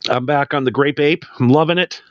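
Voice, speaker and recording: A young man co-hosting a podcast in casual chat, joking loudly and laughing a lot. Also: a little high, brisk, dry recording, highs cut off. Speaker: podcast co-host.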